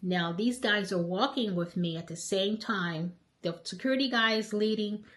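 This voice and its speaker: A middle-aged woman vlogger recounting a trip to camera in an animated, emphatic way, often checking in with "okay?". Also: mid-range voice, normal speed. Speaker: travel vlogger. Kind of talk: casual storytelling to camera.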